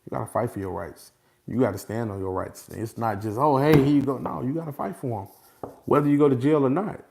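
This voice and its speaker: A man holds forth to his followers in an unscripted, loose monologue. He repeats himself for emphasis and keeps slipping into laughter. His voice sits at an ordinary middle pitch. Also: fairly quick, vocal fry, noisy background. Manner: animated and repetitive, slipping into laughter. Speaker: vlogger addressing his followers.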